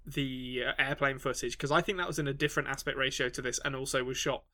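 A man's voice: mid-range voice, fairly even intonation, quick pace, pushed and bright. A man co-hosting a podcast in casual chat, talking with frequent fillers and restarts. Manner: hesitant, many restarts and fillers. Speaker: podcast co-host.

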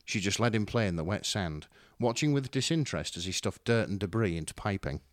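A man narrating a fan story with a dramatic, wry delivery. His voice sits on the low side yet moves very expressively. The recording is close and dry. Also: lively intonation, brisk, dry recording. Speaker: story reader. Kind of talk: expressive fan fiction reading.

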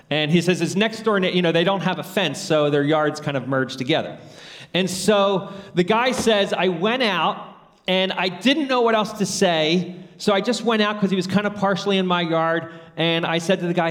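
Male preacher, earnest storyteller, fairly high voice, long hall echo. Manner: earnest, storytelling, rising to high emphatic peaks. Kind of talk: sermon.

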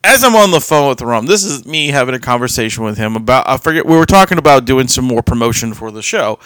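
A man's voice: mid-range voice, lively intonation, fast talker, a bit bright, clean tone, no echo. A podcast host chatting casually, laughing often, butting in and teasing his co-host. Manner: laughs a lot, butts in, teases. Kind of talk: casual banter.

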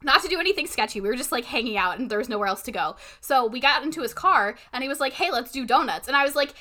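A woman's voice: high-pitched, animated, fast, few pauses, pushed and bright. A young woman co-hosting a casual chat, recapping a story and acting out the characters' lines. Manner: chatty, acts out characters' lines with swearing.

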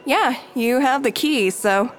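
An actress playing a sardonic young woman who teases her companion in a dry, deadpan way. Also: sits high, takes it slowly, soft background music. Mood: dry teasing.

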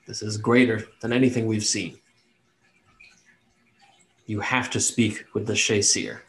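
A man's voice: on the low side, little pitch movement, unhurried, fairly bright tone. A man voicing a cursed male elf prisoner who speaks in grave, plain warnings. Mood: grim.

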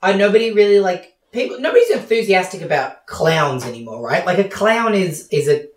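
A man's voice: high-pitched, very animated, fairly quick. A man co-hosting a podcast in casual chat, playful and argumentative. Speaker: podcast co-host. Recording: echoey room from a distance.

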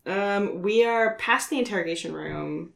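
A woman's voice: mid-range voice, moderate pace, gravelly, a bit bright, roomy sound. Casual woman player at a game table. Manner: joking, laughs often.

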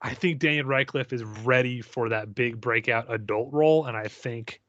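An opinionated man co-hosting a casual podcast chat. His voice is bright and forward, recorded very dry and close. He slips into playful mock rants. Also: medium pitch, normal speed, no echo, muffled recording. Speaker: podcast co-host.

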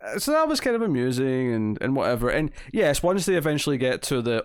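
A man's voice: mid-range voice, big pitch swings, fast talker, clear, resonant tone, no room sound, clean studio sound. A man co-hosting a podcast. He chats casually and rambles, with many fillers and restarts. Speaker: podcast co-host. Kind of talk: casual chat.

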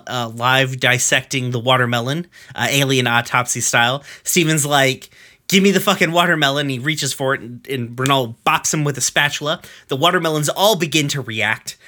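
Bright-voiced man recapping casually. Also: mid-range voice. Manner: loose and profane, many fillers, quick asides. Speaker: podcast co-host recapping a cartoon episode. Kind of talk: casual chat, episode recap.

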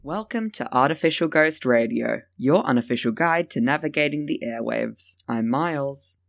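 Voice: medium pitch, animated, moderate pace, vocal fry, no echo, studio quality. An Australian podcast co-host who talks in a giggly, teasing, playful way. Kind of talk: casual podcast banter.

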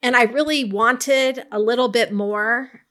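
A woman's voice: a little high, a little slow, sharp tone. A woman co-hosting a podcast, reflectively retelling book scenes in casual book club chat. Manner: reflective storyteller, retells scenes with quoted thoughts. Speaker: podcast co-host.

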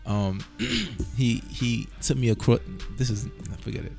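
A man's voice: medium pitch, steady tone, measured pace, gravelly, a little mellow, faint music behind. A man co-hosting a podcast, rambling casually and leaning on "you know what I'm saying". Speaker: podcast co-host. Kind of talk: casual banter.

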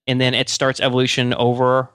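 A man's mid-pitched voice, close and dry with no room sound, co-hosting a podcast. He keeps stumbling and restarting his sentences as he works through his thoughts in a casual chat. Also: completely flat delivery, a bit bright, smooth, no echo. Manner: halting, stammering restarts. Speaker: podcast co-host.

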